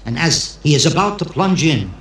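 A man's voice: on the high side, expressive, normal speed, a bit bright. A man telling stand-up jokes to a live audience, storytelling with Yiddish phrasing and putting on character voices. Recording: echoey room with faint noise.

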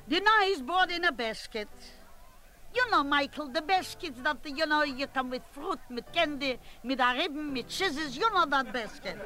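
A woman's voice: high voice, bright, forceful tone, exaggerated voice, rough recording. A woman playing a gossipy, bossy woman, rambling and scolding in a comic monologue. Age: 80s. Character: gossipy bossy elderly woman at a family gathering.

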